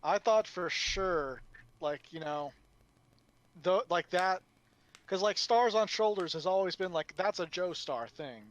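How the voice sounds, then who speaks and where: A man with a somewhat high voice co-hosting a casual podcast. He muses tentatively, feeling his way through each thought. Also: lively intonation, a little slow. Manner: tentative, thinking aloud. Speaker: podcast co-host. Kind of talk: casual chat about a comic.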